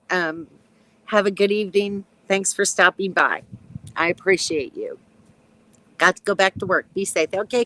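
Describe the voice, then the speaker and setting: A woman in her sixties, a retired nurse, chatting casually on a live stream from her backyard, with a stuffy, runny nose, clearing her throat and chuckling. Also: medium pitch, fairly bright tone, low-quality recording. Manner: chatty, reads out comments, frequent ums and chuckles.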